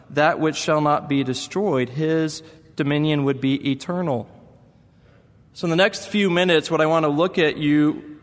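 A man's voice: fairly high pitch, long reverb tail. A man preaching a sermon as pastor, telling stories with emphatic repetition.

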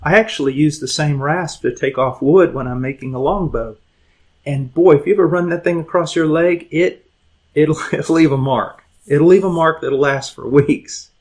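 A man's voice: fairly high pitch, moderate pace, darkish tone, husky, rough recording. A man teaching a conversational Bible lesson to young people, earnest and emphatic, often repeating words, chuckling, and asking his listeners direct questions.

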